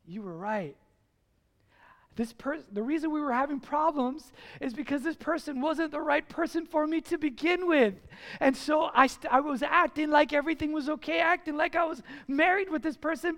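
A man preaching a sermon in a church, animated, acting out conversations and slowing down to stress key phrases. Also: very high voice. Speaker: pastor.

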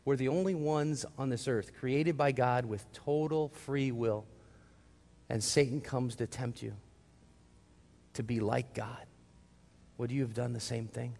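A man's voice: mid-range voice, vocal fry, darkish tone, in a large hall. A man preaching a sermon as pastor, putting questions to the congregation and answering them himself. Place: church sanctuary.

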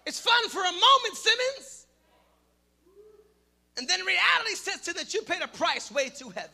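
A man preaching a sermon, shouting in bursts and then dropping to quiet prayer. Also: very high voice, very animated, normal speed, creaky. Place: church hall. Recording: long hall reverb with music behind.

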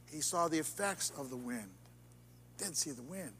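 A man preaching a sermon in a church, swinging between soaring emphasis and hushed, intimate passages. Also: fairly high pitch, animated, normal speed, slightly rough. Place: church sanctuary. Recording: long reverb of a church hall.

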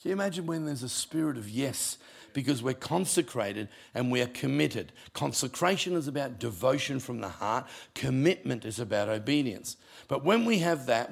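A male pastor, preaching a sermon with punchy humour and sudden drops to quiet. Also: medium pitch, gravelly, breathy edge.

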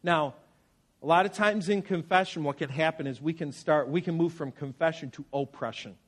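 A man's voice: fairly high pitch, moderate pace. A man preaching a sermon in an earnest, conversational way, with personal stories. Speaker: pastor.

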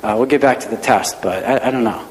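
A man's voice: mid-range voice, quick pace, a little mellow. A man with a mid-range voice tells a personal story in an earnest, self-deprecating, conversational way. He speaks as a schoolteacher sharing a testimony. His voice carries the long reverb of a large hall.

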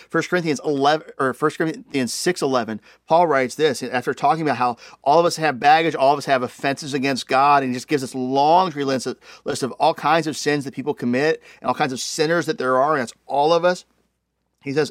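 Animated, chatty preacher. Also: male voice, medium pitch, quick pace, dry recording, studio quality. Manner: conversational, animated, many "like" fillers. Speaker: pastor. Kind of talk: sermon.

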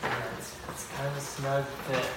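A man in his thirties, gushing and laughing with excitement in a candid home video. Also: medium pitch, moderate pace. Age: 30s. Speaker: husband and father in a home video. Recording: echoey, distant, loud background noise.

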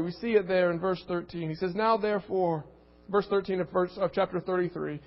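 Speaking briskly in a high voice with fairly even intonation, this pastor reads scripture and delivers an earnest, emphatic sermon, repeating words as he builds. The sound is muffled and carries a long reverb.

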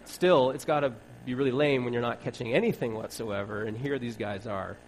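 A man's voice: mid-range voice, brisk, slight background noise, rough recording. A man preaching a sermon in a wry, conversational way, acting out bits of dialogue.

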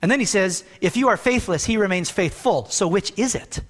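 A male pastor preaching a sermon in an earnest, conversational way, reading scripture slowly and with emphasis. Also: high-pitched, a bit bright, in a large hall.

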